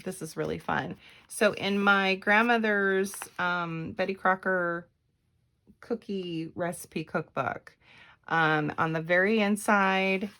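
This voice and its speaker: A woman's voice: fairly low pitch, a bit bright. A woman showing a handmade journal on camera, chatty and meandering, with frequent ums and self-corrections. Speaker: craft vlogger. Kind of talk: casual craft flip-through.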